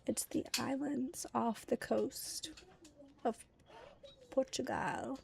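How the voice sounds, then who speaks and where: A woman's voice: a little high, slow pace, vocal fry, slight background noise. A woman from the United States casually chatting while streaming a game, explaining words to her chat at an easy pace. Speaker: streamer and mother.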